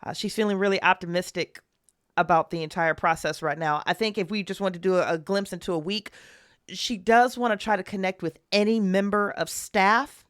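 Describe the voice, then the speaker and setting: A woman's voice: medium pitch, fairly even intonation, brisk, fairly bright tone, smooth, no room sound, clean studio sound. A woman player describing her character at length in a thoughtful way, with fillers. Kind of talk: tabletop role-play.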